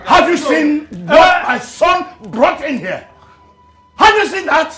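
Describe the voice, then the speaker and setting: An actor playing an angry older king with a Nigerian accent, shouting commands in a film. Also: extremely high pitch, expressive, takes it slowly, over loud music, exaggerated voice. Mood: furious. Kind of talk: film acting. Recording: echoey room.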